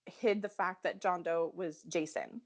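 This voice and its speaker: A woman co-hosting a fan podcast in casual chat, animated and often laughing, with a head cold. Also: lowish voice, a little slow. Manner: animated, laughs often, talks herself in circles. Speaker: podcast co-host.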